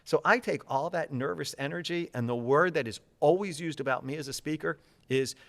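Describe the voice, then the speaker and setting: A man giving interview answers as a public speaking coach, energetic and fast-talking, gesturing as he speaks. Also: medium pitch.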